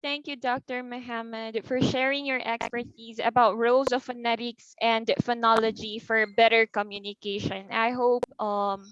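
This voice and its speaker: A woman's voice: fairly high pitch, level tone, normal speed, few pauses, fairly bright tone, clear, resonant tone, dry recording. A woman with a Filipino English accent moderating a webinar question session, speaking hesitantly with fillers. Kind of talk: hosting a webinar Q&A. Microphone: video call. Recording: dull dry video-call audio.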